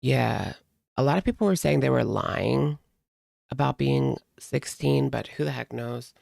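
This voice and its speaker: A man's voice: mid-range voice, measured pace, gravelly, darkish tone, no echo, studio quality. A man hosting a casual livestream, chatting and reading out viewer comments with lots of "like" fillers. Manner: chatty, frequent "like" fillers, laughs often.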